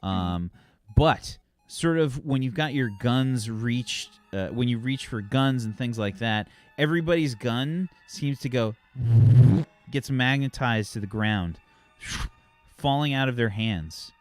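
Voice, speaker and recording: A man's voice: medium pitch, takes it slowly, dry recording, faint music behind. A man narrating a tabletop game as game master in a casual, rambling way.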